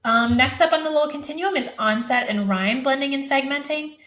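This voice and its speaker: Woman teacher rattling thru a live stream lesson, kinda high voice, echoey room. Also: a bit bright. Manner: quick, chatty, full of "like" and "um". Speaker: teacher presenting a webinar.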